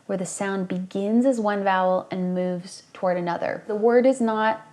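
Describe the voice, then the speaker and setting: A young woman coaching singers through a worship song, explaining technique calmly and demonstrating with bright sung examples. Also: medium pitch, normal speed. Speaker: vocal coach. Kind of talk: singing lesson with sung demonstrations.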